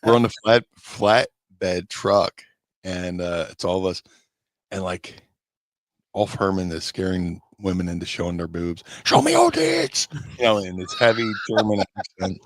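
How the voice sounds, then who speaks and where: Deep-voiced rambling storyteller man. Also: no echo. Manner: rambling, self-deprecating storyteller. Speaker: podcast co-host, former wrestler. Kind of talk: casual storytelling chat. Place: home studio on a live stream.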